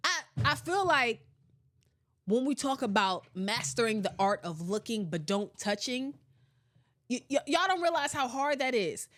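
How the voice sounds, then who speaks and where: A young woman talks through a relaxed podcast episode. Her voice sits a little high and leaps up and down with lively energy. She is playful and animated and laughs easily between comments. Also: measured pace. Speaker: podcast host. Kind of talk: casual podcast chat reading live comments.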